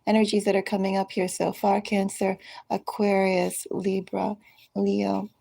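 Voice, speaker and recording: Gravelly, mellow-voiced woman tarot reader. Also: mid-range voice, flat delivery, poor audio. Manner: speaks directly to each zodiac sign, unhurried and musing. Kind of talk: collective tarot reading.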